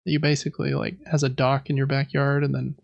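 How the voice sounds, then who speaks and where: A man's voice: mid-range voice, completely flat delivery, brisk, creaky, no room sound, highs cut off. A man chatting casually as a podcast host, thinking aloud with lots of fillers. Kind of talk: casual chat.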